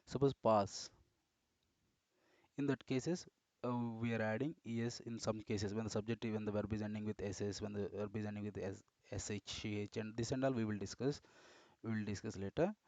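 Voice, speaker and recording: A man's voice: lowish voice, fairly even intonation, moderate pace, a little mellow, dry recording. A man teaching English grammar in a screen-recorded lesson, repeating and correcting himself as he explains step by step.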